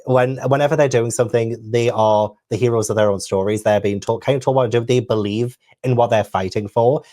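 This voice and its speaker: A man's voice: mid-range voice, fairly even intonation, brisk, warm tone. Thoughtful man hosting a casual chat. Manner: thoughtful, rambling with many fillers. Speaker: host.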